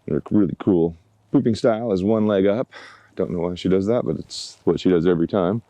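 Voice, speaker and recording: A man with a low, mellow voice talks casually into a handheld camera while he takes his dogs out in the yard. He is relaxed and chatty and coaxes the dogs along with pet names. The sound is dry and close. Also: fairly quick, no room sound. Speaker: dog trainer. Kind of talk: casual vlog narration while walking dogs. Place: outdoors in a yard by woods.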